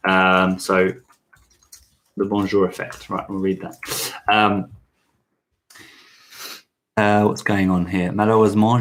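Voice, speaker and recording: Relaxed low-voiced man reading comments. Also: slow pace, long pauses. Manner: reads viewer comments aloud, switches between English and French, hesitant with fillers. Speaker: host. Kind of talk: casual Q&A live chat.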